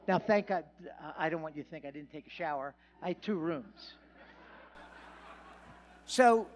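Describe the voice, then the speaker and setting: High-voiced man telling a joking banquet story. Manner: joking storyteller, self-deprecating. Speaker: award recipient giving a speech. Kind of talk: humorous acceptance speech. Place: banquet hall.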